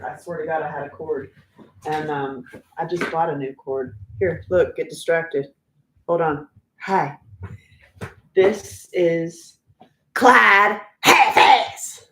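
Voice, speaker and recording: A woman in her fifties hosting a casual livestream, rambling and chatty and quick to laugh. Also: low-pitched, reverberant. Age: 50s. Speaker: livestream host and author.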